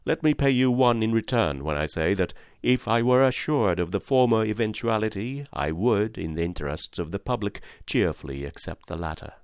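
A man voicing a calm, brilliant detective in an audiobook reading, with measured, composed, dryly confident speech. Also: on the low side, clear, resonant tone, dry recording, clean studio sound. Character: calm, brilliant male detective in his prime.

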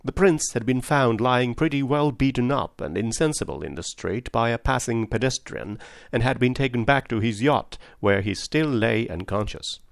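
Expressive, gravelly male narrator. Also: medium pitch, normal speed, dry recording, studio quality. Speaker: audiobook narrator. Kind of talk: first-person storytelling narration.

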